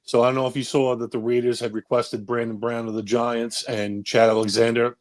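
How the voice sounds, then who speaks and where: A man's voice: medium pitch, flat delivery, brisk. Guy calling in to a show, rambling, lots of uhs, middle voice. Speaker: caller. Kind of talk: casual call-in chat.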